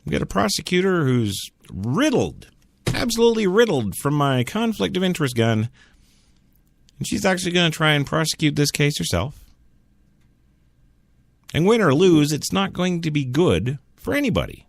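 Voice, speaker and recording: A man's voice: moderate pace, gravelly, pauses often, no echo. A man hosting a solo talk radio show, opinionated and sarcastic, talking straight into a studio mic. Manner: opinionated, sarcastic, lively swings in pitch.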